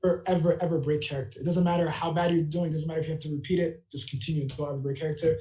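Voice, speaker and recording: A man giving a judge's feedback over a video call, halting with many fillers. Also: a little high, flat delivery, dark tone. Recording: echoey room on a call.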